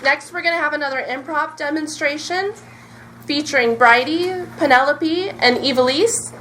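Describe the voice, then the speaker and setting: A young woman with a high, light voice introduces performers and calls "scene" like a camp drama instructor. Her manner is brisk and directive. A faint hum of room ambience sits behind her. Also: sharp tone, low-quality recording. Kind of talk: announcing a children's showcase.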